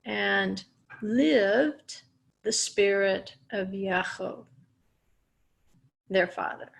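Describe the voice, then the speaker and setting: A woman's voice: mid-range voice, drawn-out words, gravelly. A woman teaching a Torah portion lesson, explaining Hebrew words step by step with small restarts. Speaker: Bible teacher.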